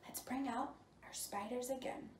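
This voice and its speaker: High-voiced woman leading toddler storytime. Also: fairly even intonation. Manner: slow, exaggerated, encouraging teacher talk to small children. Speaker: children's storytime teacher. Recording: roomy sound, mic at a distance.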